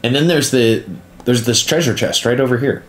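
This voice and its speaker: A man narrating as game master of a tabletop game, relaxed and dotted with "uh" pauses. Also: mid-range voice, slight background noise.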